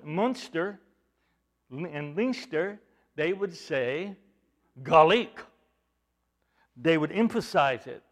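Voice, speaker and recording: Slow, expressive preaching man. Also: sits high. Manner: expressive preaching, swells loud then drops soft. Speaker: pastor. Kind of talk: sermon.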